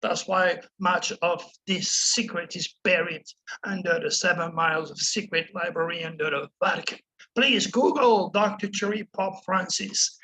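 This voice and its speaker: Impassioned high-pitched man preaching. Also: pushed and bright, poor audio. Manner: preachy, impassioned, addresses listener as "my friend". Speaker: astrologer addressing viewers. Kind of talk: passionate monologue to camera.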